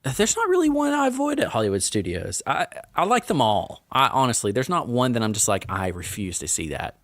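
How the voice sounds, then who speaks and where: A man's voice: mid-range voice, huge pitch swings, a little fast, no echo, clean studio sound. A man co-hosting a casual podcast, teasing his co-host and giving strong opinions. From Tennessee. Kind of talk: casual chat.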